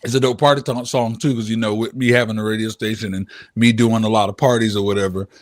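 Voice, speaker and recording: A man's voice: on the low side, steady tone, fast, no echo, clean studio sound. A man hosting a casual interview show and running a radio station, talking in a laid-back way and often tagging on "you know what I'm saying". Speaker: host, radio station owner.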